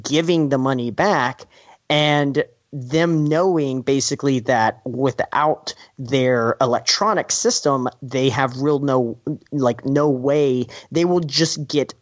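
A man's voice: medium pitch, slow, no room sound. A man co-hosting a podcast, chatting casually about a film in a rambling way, with many restarts and acted-out quotes. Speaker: podcast co-host. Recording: dull, slightly lo-fi dry sound.

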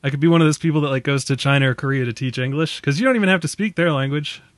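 A young man co-hosts a film podcast in casual chat, enthusiastic and quick to laugh. His voice sits a little high. The recording is dry and close. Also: dry recording.

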